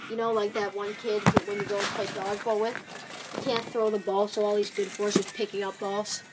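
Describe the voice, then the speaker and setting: A woman's voice: medium pitch, little pitch movement, normal speed, very noisy. A young woman rambling through silly made-up stories in goofy chat with friends.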